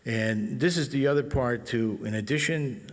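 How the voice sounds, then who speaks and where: A middle-aged man leading a band and explaining jazz phrasing in a relaxed, talky way, scatting rhythms aloud. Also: medium pitch, normal speed, long reverb tail. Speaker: bandleader and guitar teacher. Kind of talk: explaining music in a clinic.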